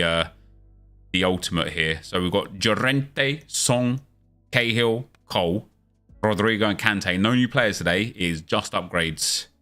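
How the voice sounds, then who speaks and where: Faint music plays as a gaming streamer chats loosely with viewers, trading quick remarks and running through updates before cranking up the energy for his upbeat video intros. His voice is lowish, bright, and forceful.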